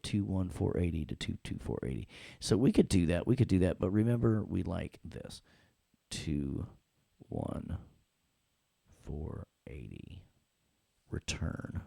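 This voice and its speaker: Playful deep-voiced male audio instructor. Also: vocal fry, warm tone, dry recording, clean studio sound. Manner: playful, jokey, talks to the class. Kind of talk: live classroom software tutorial.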